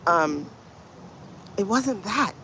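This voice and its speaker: A woman hosting a spiritual livestream, talking in an emotional, halting way and often repeating herself. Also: mid-range voice, expressive, pushed and bright, a little hiss or hum. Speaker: livestream host, intuitive reader. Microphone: phone livestream.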